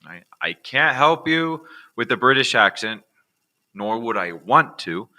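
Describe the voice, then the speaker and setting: An American man teaching accent reduction in a relaxed, conversational way, often checking in with "all right". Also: medium pitch, measured pace. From United States. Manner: casual, repeats "all right" as a check-in with viewers. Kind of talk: recorded online lesson.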